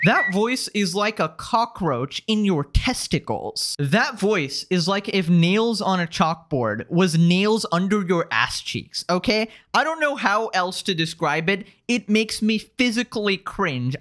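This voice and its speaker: A man's voice: high-pitched, fairly bright tone. A young man doing a sarcastic, mocking reaction commentary with exaggerated insults. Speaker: commentary YouTuber.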